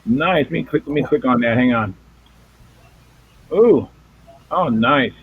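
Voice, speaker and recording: A man of middle pitch hosts a relaxed video-call hangout, meandering through his thoughts with plenty of fillers. The audio is narrow and tinny, like a phone line. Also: a little slow, a little hiss or hum. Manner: rambling, filler-heavy. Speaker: host of a hobby video hangout. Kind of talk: casual chat on a video call.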